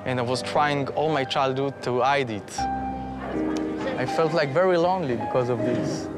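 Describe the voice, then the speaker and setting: An earnest man narrates his own backstory in a mid-range voice. His phrasing is slightly non-native. Loud music plays under him. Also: medium pitch, moderate pace. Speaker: contestant.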